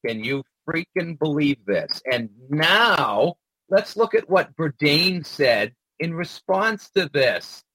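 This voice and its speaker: A man's voice: a little high, expressive, slow pace, pushed and bright, breathy edge, no room sound, rough recording. A man hosting a commentary show, delivering an indignant, profane ranting monologue full of "uh" fillers.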